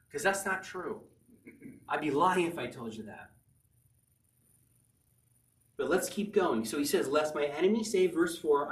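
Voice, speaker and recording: Male pastor, slightly high voice, earnest sermon delivery, echoey room from afar. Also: expressive, normal speed, pauses often, distant mic. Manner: earnest preaching, rising to near-shouts with spontaneous laughs.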